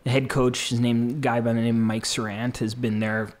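A man with a middle-pitched voice speaks as a guest from campus radio. He talks in an unhurried, friendly way and tells his stories with plenty of filler words. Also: level tone. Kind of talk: casual interview talk.

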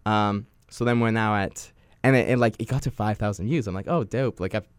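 A man's voice: fairly low pitch, brisk, smooth, no echo, studio quality. A young man in his twenties co-hosting a podcast, telling rambling stories in casual chat, full of fillers and restarts. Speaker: podcast co-host.

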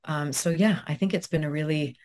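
A woman in her thirties, a guest talking reflectively in an interview with many pauses and restarts, then reading her own essay aloud. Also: deep voice, a little mellow. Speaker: guest author.

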